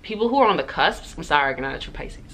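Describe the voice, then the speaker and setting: Fast and low-pitched, with lively intonation and a somewhat bright tone, this woman's voice comes over slight background noise. She's a hair vlogger doing a casual get-to-know-me video, wandering off on tangents, saying "like" and "um" a lot and laughing between sentences.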